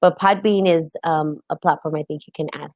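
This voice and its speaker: A woman with a lowish voice talks casually on a live stream, checking in with her listeners and greeting people mid-thought. The sound is close and dry, with no room around it. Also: steady tone, normal speed, darkish tone, dry recording. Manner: chatty, often adds "right?" and greets viewers mid-talk. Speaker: host of a live-streamed spiritual talk show.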